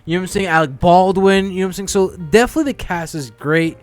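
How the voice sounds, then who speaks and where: A man's voice: high-pitched, fast, smooth, faint music behind. A young man co-hosting a casual podcast chat, swearing freely and laughing often. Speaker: podcast co-host.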